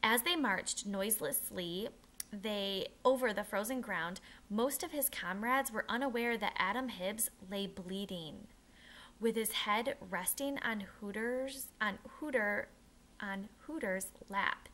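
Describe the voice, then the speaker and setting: Bright-voiced woman reading a storybook aloud. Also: medium pitch, slow pace. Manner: expressive, occasional restarts and self-corrections. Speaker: narrator. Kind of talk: reading a children's historical novel aloud.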